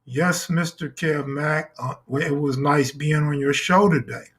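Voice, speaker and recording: A man putting on the voice of a stiff, grown man who talks flatly like a robot. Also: fairly high pitch, a little slow. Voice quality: flat, robotic delivery.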